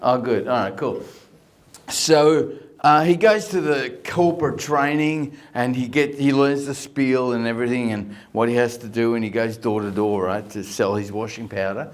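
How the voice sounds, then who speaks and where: Chatty joke teller. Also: male voice, medium pitch, fairly even intonation, normal speed. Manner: chatty storytelling. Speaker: guest comedian. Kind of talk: joke telling.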